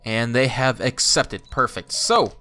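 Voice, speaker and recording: Male YouTuber, let's play commentary; bright tone, swooping pitch, excited outbursts. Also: measured pace. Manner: chatty, thinking aloud, bursts of excited exclaims. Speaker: YouTuber playing a strategy game.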